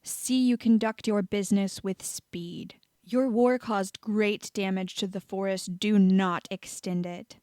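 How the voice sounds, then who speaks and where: A woman's voice: mid-range voice, steady tone, takes it slowly, few pauses, warm tone, no room sound, lightly acted. A woman reading the part of a proud male centaur leader who speaks in a formal, grave way.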